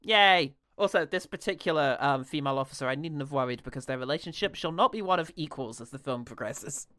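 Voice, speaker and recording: A man's voice: mid-range voice, quick pace, fairly bright tone, dry recording, studio quality. A man co-hosting a comedic film review podcast, full of sarcastic, mocking banter. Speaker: podcast co-host.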